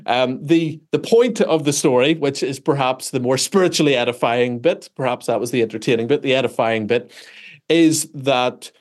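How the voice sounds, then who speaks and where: A Northern Irish man, an author answering interview questions in an animated, self-deprecating storytelling way, often restarting his sentences. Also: medium pitch, moderate pace. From Northern Ireland. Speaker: author and guest.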